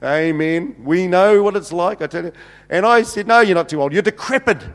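Speaking at normal speed in a high voice, a middle-aged senior pastor shares funny anecdotes during a sermon, using many fillers. The recording carries the long reverb of a church hall.

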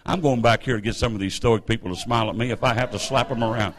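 A man's voice: medium pitch, fairly even intonation, quick pace, fairly bright tone. A man preaching and retelling a story playfully, calling on the congregation to repeat after him. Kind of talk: sermon storytelling.

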